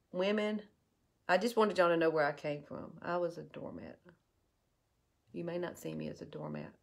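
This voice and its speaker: A woman's voice: deep voice, creaky. A woman in her fifties, a beauty vlogger talking earnestly and casually while doing her makeup on camera. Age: 50s. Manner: earnest, chatty and confessional.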